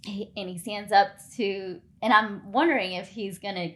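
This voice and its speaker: A woman's voice: mid-range voice, normal speed. A woman podcast co-host telling a story in casual chat, acting out the lines of the people in it. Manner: animated, acts out quoted dialogue.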